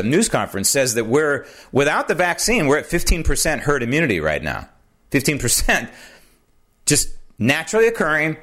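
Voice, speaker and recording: A man hosting a political commentary show, talking in an animated, sarcastic monologue. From United States. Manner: animated, sarcastic, swings pitch for emphasis. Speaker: podcast host.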